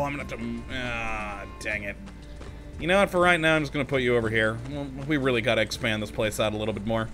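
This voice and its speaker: A man's voice: medium pitch, fast, bright, forceful tone, soft background music. A man commentating casually as he plays a video game, talking to himself, easily exasperated and laughing often. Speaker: let's play host.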